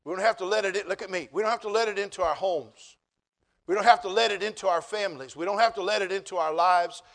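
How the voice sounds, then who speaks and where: High-voiced preacher, loud and quiet by turns. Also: male voice, fast talker. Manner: swings from quiet asides to loud emphatic preaching; humorous, conversational storytelling. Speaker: pastor. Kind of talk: sermon.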